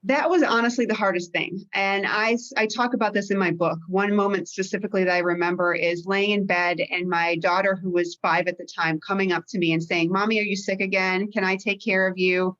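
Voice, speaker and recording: A woman's voice: mid-range voice, steady tone, brisk, few pauses, a bit bright, highs cut off. A woman life coach, a guest in a podcast interview, telling her story in an open, heartfelt way. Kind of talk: conversational interview.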